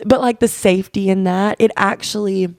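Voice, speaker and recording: A woman's voice: medium pitch, steady tone, normal speed, no room sound. A woman co-hosting a podcast, talking candidly and earnestly in casual chat, telling stories and quoting conversations. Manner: earnest, open storytelling with quoted dialogue. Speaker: podcast co-host.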